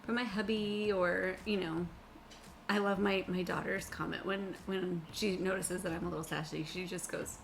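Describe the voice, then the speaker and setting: A woman's voice: on the low side, steady tone, moderate pace, creaky, a little hiss or hum. A middle-aged woman hosting a baking podcast from her kitchen, chatting casually, giggling often and rambling with lots of fillers. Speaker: podcast host. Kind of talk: casual chat while baking.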